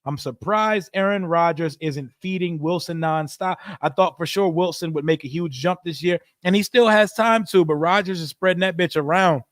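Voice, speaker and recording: A man's voice: fairly high pitch, moderate pace, few pauses, no echo, studio quality. A man hosting a live football watch stream, reading chat aloud and calling plays in a loose, profane, joking way. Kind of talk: casual live reaction and play-by-play.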